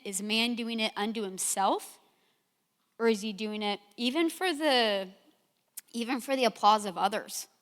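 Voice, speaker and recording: A woman's voice: medium pitch, a bit bright. Middle-aged woman preaching in a reverberant hall. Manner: candid storytelling, voices her own quoted reactions. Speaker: speaker at a church gathering. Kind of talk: sermon. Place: church sanctuary.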